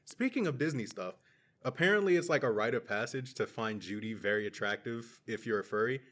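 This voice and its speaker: A man's voice: mid-range voice, a little fast, a bit bright. A young man co-hosting a podcast in casual chat, trading crude jokes and laughing often. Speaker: podcast co-host.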